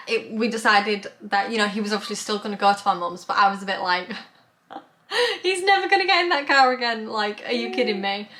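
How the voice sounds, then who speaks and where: Chatty young woman vlogger. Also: mid-range voice. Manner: chatty, animated, lots of "like" and "bless her". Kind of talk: casual storytelling to camera.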